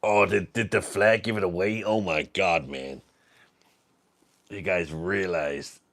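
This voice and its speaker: A man's voice: fairly even intonation, exaggerated voice. A man putting on an American accent, playing a hearty guy who keeps calling people "man". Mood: mock sincere. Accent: American, put on. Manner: lower and quieter, drawn-out, keeps saying "man".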